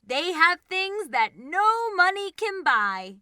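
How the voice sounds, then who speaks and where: A woman voicing a gentle but stern guiding ghost in a storybook, in her own high bright voice. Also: sing-song, slow pace, no room sound, studio quality, full character voice. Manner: storybook reading, barely changed voice.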